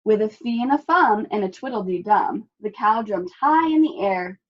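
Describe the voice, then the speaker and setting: A woman librarian reading a picture book aloud at children's story time, expressive and asking the children questions, in a dull lo-fi recording. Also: mid-range voice, moderate pace.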